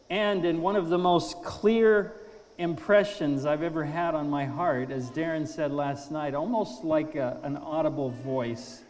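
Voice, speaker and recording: Man in his fifties, higher voice, earnest testimony, restarts, long hall reverb. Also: a little slow, a little mellow. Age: 50s. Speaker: speaker at a conference. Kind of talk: testimony talk.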